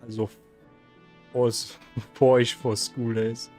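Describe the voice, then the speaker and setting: A man streaming a video game, talking casually in quick, muttered asides. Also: mid-range voice, flat delivery, a little mellow, soft background music. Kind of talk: casual commentary while gaming.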